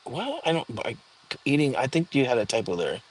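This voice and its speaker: A young man chats through a casual livestream at an ordinary mid-range pitch. He reads viewer comments aloud and answers them on the fly, loose and easygoing. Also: very animated, fast talker. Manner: chatty and easygoing, reacts to viewer comments as they come. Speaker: livestream host. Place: home.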